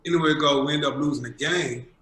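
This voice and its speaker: Brief: bright-voiced male storyteller in an echoey room. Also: fairly high pitch, fast talker, slight background noise. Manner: animated, emphatic. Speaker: former pro basketball player. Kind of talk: casual storytelling.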